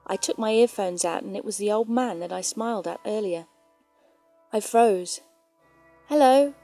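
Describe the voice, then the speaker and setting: A woman narrating true scary stories in a calm, measured storytelling voice. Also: medium pitch. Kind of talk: reading scary stories aloud. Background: faint background music.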